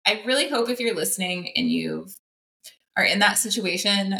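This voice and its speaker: A woman's voice: mid-range voice, huge pitch swings, normal speed, sharp tone. A woman co-hosting a podcast in casual, chatty talk, candid and jokey, with many fillers. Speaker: podcast co-host.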